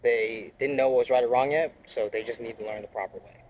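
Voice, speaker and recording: A man's voice: mid-range voice, fairly even intonation, quick pace, darkish tone, a little hiss or hum, rough recording. A young man, a Marine reservist, talking bluntly and profanely in a casual interview.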